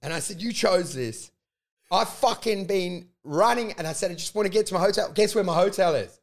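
A man's voice: high-pitched, a little fast. A man telling a rambling story in casual chat, swearing a lot and acting out what people said. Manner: profane, animated storytelling with acted-out quotes. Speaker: comedian.

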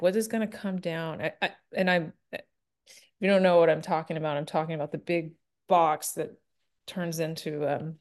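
Low-voiced chatty woman. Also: darkish tone. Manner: chatty, giggly, many fillers. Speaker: interview guest. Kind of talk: casual chat.

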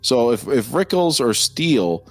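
An American man co-hosting a casual film discussion, animated, with frequent hesitant restarts. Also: mid-range voice, a little slow, no room sound. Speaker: co-host.

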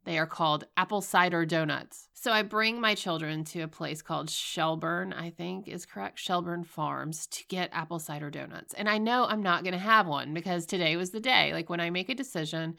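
Candid, nasal-sounding woman podcaster, gravelly. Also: fairly low pitch, moderate pace, hardly any pauses. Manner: candid, swearing, laughs at herself, animated storytelling. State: stuffy and nasal. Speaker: podcast host. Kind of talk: casual solo podcast monologue.

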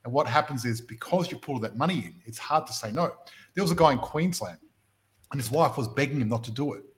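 Australian male podcast host, casual, story-driven, middle pitch. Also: expressive, fast talker. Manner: storytelling, rhetorical questions. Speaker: podcast host and property investment mentor.

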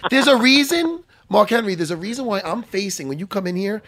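A man hosting a podcast, telling fight stories in an animated, profane way, laughing often. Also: high voice, brisk. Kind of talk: casual storytelling chat.

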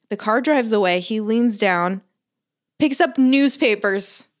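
A woman's voice: mid-range voice, moderate pace. A young adult woman co-hosting a podcast, telling a story in casual chat with dramatic quoted asides and plenty of swearing. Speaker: podcast co-host.

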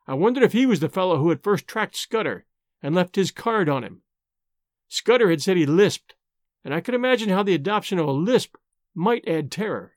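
A man narrating an adventure story aloud with expressive, dramatic delivery and hosting the show. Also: high voice, fairly quick, dry recording, clean studio sound. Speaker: audiobook narrator and host.

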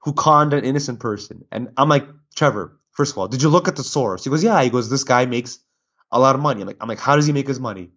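A man talking as a podcast guest, telling stories in an animated way with many restarts. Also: mid-range voice, fast talker. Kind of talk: casual chat. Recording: dull lo-fi audio.

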